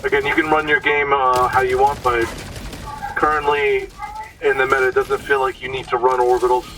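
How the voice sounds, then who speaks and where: A man's voice: mid-range voice, little pitch movement, brisk, distant mic, noisy background. A man giving casual, explanatory commentary over his gameplay, sometimes stumbling over words.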